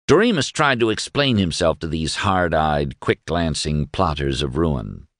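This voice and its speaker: A man narrating a novel in a measured, literary storytelling style. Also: a bass voice, very animated, a bit bright, no room sound, studio quality. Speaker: audiobook narrator. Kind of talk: scripted narration.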